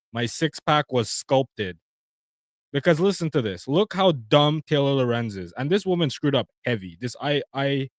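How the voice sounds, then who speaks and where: A man's voice: medium pitch, dry recording, clean studio sound. Slangy mocking man reacting to clips. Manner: mocking, slangy, laughs a lot. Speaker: livestream host.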